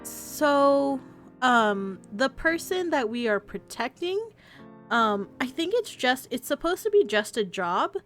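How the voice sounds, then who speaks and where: Woman streamer, playful and giggly, a bit high-pitched, quiet music under her. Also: very animated, takes it slowly. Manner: giggly and playful, laughs often. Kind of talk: casual stream commentary while reading a visual novel. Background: faint music.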